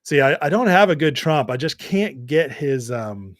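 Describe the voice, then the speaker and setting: A man with a deep voice hosting a livestream, chatting loosely and reading viewer comments. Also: big pitch swings, moderate pace, dry recording, studio quality. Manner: chatty, laughs often, many fillers and restarts. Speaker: livestream host.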